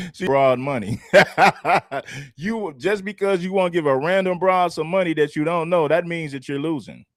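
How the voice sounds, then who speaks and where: A man's voice: fairly high pitch, a little slow, no echo, clean studio sound. A man hosting a reaction livestream, talking emphatically and mockingly and firing rhetorical questions at his audience. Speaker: livestream commentator.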